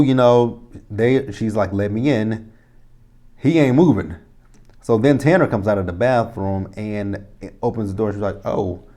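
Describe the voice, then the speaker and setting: A man in his thirties recaps a TV drama episode in a loose, rambling way, full of profanity and exasperated asides. His voice sits low and sounds warm and mellow. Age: 30s. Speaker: TV episode reviewer. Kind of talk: casual recap and commentary.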